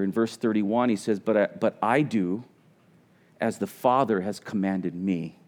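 A man's voice: mid-range voice, darkish tone. Earnest man preaching a sermon. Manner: earnest, conversational preaching with frequent restarts. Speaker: pastor.

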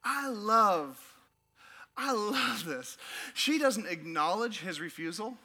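High, bright-voiced preacher, animated and laughing. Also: male voice, slow pace. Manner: animated, laughing, playful asides. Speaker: pastor. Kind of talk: sermon. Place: church.

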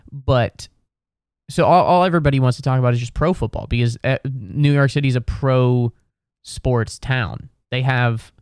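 Young guy from ohio ranting on his podcast, smooth clear voice, dry close sound. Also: medium pitch, no room sound. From Cincinnati, Ohio. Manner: rambling, sardonic, puts on mocking voices. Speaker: podcast host. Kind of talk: solo podcast monologue. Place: New York City.

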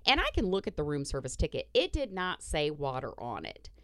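A woman's voice: low-pitched, wildly swooping pitch, fairly quick, no room sound. A woman podcast host casually retelling a story, blunt and profane, acting out the dialogue.

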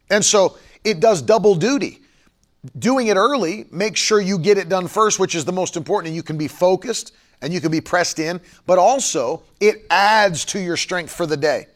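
A man preaching a livestream sermon, emphatic and repeating his key phrases, pausing to read viewer comments aloud. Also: high-pitched.

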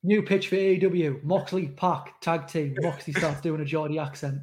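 A man's voice: fairly high pitch, fairly even intonation, moderate pace, darkish tone. A man from North East England with a north-east English accent, co-hosting a casual podcast chat and telling rambling stories with laughs. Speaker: podcast co-host.

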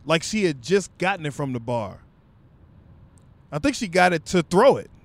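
Young guy vlogging a story, swears a lot, kinda high voice. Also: sing-song, moderate pace. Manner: loose, profane, conversational. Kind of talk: casual comic storytelling.

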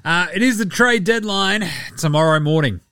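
A man hosting a casual sports podcast, joking and swearing as he runs through the news and now and then slips into quick mock voices for the people he talks about. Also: high-pitched, pushed and bright, clean tone, no echo, clean studio sound. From Australia. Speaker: podcast host.

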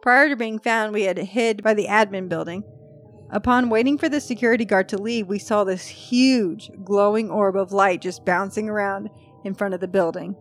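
A woman's voice: mid-range voice, moderate pace, soft background music. Chatty woman podcast host. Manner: chatty, swears freely, animated asides. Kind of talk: casual chat, reading a post aloud.

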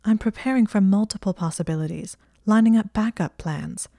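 A woman's voice: mid-range voice, fairly quick, dark tone, dry recording, studio quality, voice pushed up, lightly acted. A woman voicing a clever, stubborn teenage witch girl who speaks in an earnest, clipped, defensive way.

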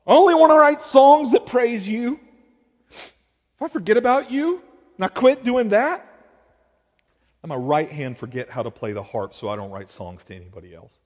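A man's voice: a little high, darkish tone. A male pastor, preaching a heartfelt sermon. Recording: long reverb of a large hall.

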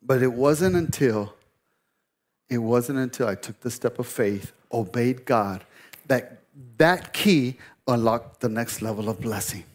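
A man's voice: medium pitch, unhurried. A middle-aged male pastor preaching a sermon, telling a story in a conversational, joking way with asides to the congregation.

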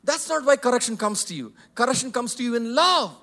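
A man preaching a sermon as pastor, emphatic and repetitive, swinging between loud declarations and quiet asides. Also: very high voice, animated, brisk. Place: church hall.

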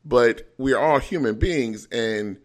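A man co-hosting a podcast, chatting casually and joking, with his talk full of fillers. His voice sits at an ordinary middle pitch. He keeps the tone loose and conversational. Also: measured pace. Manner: talks with lots of 'like', joking. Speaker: podcast co-host. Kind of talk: casual chat.

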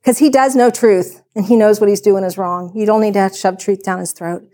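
A woman's voice: mid-range voice, fairly even intonation, brisk, dark tone. A woman who leads a church's discipleship and women's ministry, a podcast guest telling a story in a chatty, frank and earnest way. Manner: chatty storytelling, acting out quoted dialogue.

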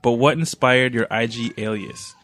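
A man's voice: medium pitch, normal speed, fairly bright tone. A man hosting a casual podcast, upbeat and joking, laughing often with his co-hosts. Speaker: podcast host.

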